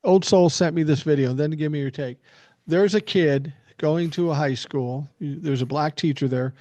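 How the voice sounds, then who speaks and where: A man's voice: fairly high pitch, moderate pace, darkish tone, no echo. Opinionated older man hosting, dry sound. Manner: explains at length, opinionated. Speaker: podcast host. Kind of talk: casual chat.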